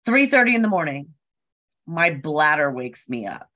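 A woman's voice: low voice, sing-song, normal speed, fairly bright tone. A woman telling a story in casual chat, acting out what people said and swearing freely.

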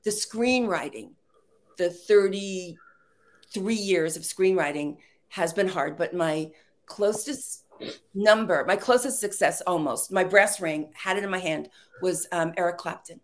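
With a voice on the low side, this middle-aged American playwright and screenwriter from Texas spins stories as a guest in relaxed conversation. She's lively and quick to laugh.

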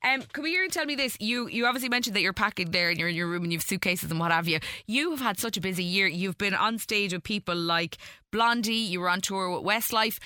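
A woman's voice: mid-range voice, animated, fast, pushed and bright, dry recording, clean studio sound. A woman hosting an interview, chatting in a bubbly, jokey way. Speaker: radio host, interviewer. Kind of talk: casual interview chat.

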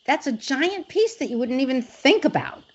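A woman's voice: high voice, sing-song, normal speed, breathy edge. A woman interviewing a guest, asking questions and affirming her answers. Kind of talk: conversational interview. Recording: dull lo-fi audio.

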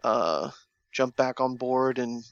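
A man's voice: mid-range voice, slow, no room sound, lo-fi sound. A man in casual conversation, rambling and restarting his sentences with lots of fillers. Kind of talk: casual chat.

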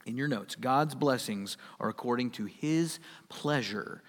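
A man preaching a sermon, animated and folksy, acting out the characters in the parable he reads. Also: mid-range voice, a little slow, in a large hall. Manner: animated, acts out quoted voices, folksy asides. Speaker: pastor.

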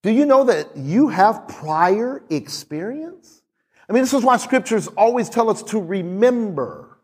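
A man preaching a sermon, telling a story with acted-out dialogue and sudden drops into soft, low tones. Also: sing-song, a little slow, slightly rough. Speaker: pastor.

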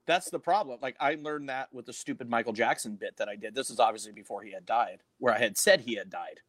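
A man, a former morning radio host, telling a story as a podcast guest in a casual, animated way, swearing freely. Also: fast, no echo. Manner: animated, swears freely, big swings in pitch and loudness.

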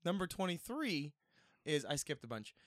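A man's voice: on the high side, very animated, normal speed, a bit bright, no room sound, clean studio sound. A man hosting a casual chat with friends, reading out a list and laughing often as he teases the others. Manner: laughs often, teasing and playful. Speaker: podcast host reading a list.

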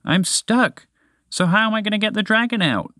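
A man's voice: high voice, lively intonation, moderate pace, bright, forceful tone, no room sound, studio quality, voice pushed up, exaggerated voice. A man voicing a big, clumsy male moose who frets and gets upset easily, for a spoken storybook. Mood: earnest. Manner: fretful, emotional.

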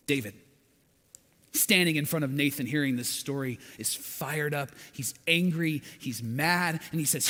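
Preacher, male, high tenor, dramatic storyteller, sermon in a big echoing hall. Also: measured pace, sharp tone. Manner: dramatic storytelling, acting out quotes with swings in volume.

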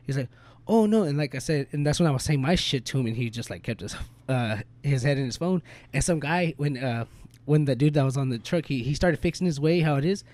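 A man's voice: medium pitch, brisk, darkish tone. Young man venting, slangy and profane. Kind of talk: casual podcast chat.

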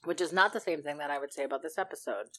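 A woman's voice: sits low, racing, fairly bright tone. Easygoing frank woman. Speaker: podcast co-host. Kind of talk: casual chat.

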